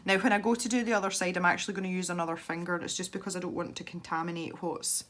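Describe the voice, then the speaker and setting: A woman's voice: lowish voice, little pitch movement, rapid-fire, fairly bright tone. A Scottish woman from Scotland, chatting casually while demonstrating an art technique for her channel, rambling and laughing easily. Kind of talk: casual tutorial chat while colouring.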